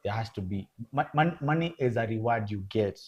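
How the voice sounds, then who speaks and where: Emphatic man, husky voice. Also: on the low side, animated, normal speed, darkish tone, dull audio. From Kenya. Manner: emphatic, repeats words, addresses listener as bro. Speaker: guest photographer. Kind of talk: casual interview talk.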